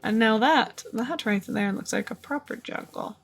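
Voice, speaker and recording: Running on little sleep, a tired streamer rambles to herself during gameplay in a chatty, casual way. Her voice is on the high side, with vocal fry and a moderate pace.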